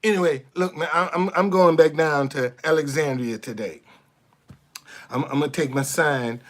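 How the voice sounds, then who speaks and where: A man venting straight into his camera in a blunt, foul-mouthed rant. He hammers the same phrases again and again and trips over quick restarts when heated. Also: on the high side. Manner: blunt, profane, repeats himself for emphasis; stammers and restarts when fired up. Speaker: vlogger. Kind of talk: impassioned monologue to camera.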